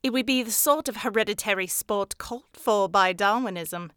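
A woman voicing a calm, precise Victorian male detective who speaks in a measured, lecturing way. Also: medium pitch, clean tone, no echo, clean studio sound, close to an everyday voice. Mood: grave. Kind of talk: audiobook character voice.

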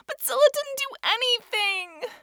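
Woman doing a frantic ten-year-old girl, high tearful cries, storybook reading, dry sound. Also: expressive, slow pace, pushed and bright, dry recording, exaggerated voice. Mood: desperate.

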